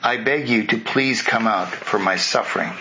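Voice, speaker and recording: A man's voice: moderate pace, natural voice. A man voicing a grief-stricken young prince who laments frantically in a lifted, plaintive voice. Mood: despairing lament. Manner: lamenting, raised plaintive pitch. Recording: muffled lo-fi recording, faint hiss.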